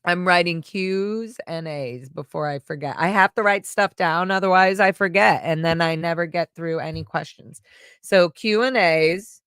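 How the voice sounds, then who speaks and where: A woman's voice: on the low side, moderate pace, fairly bright tone, clean tone, dry recording, clean studio sound. A woman hosting a casual livestream. She chats, giggles, and reads viewers' comments aloud into a microphone. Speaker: livestream host. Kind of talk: casual live chat answering viewer questions.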